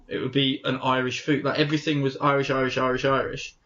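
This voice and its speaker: An English man co-hosts a podcast, chatting casually and telling rambling stories full of self-corrections. His mid-range voice is level, fast and a bit bright, and the sound is lo-fi.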